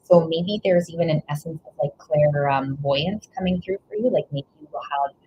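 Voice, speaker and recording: Woman tarot reader, low voice, gushing and rambling, slightly dull lo-fi sound. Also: normal speed. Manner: rambling, exclaims 'whoa' and 'wow' often; gushing, emotional. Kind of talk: live tarot reading. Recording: slightly dull lo-fi audio with faint noise.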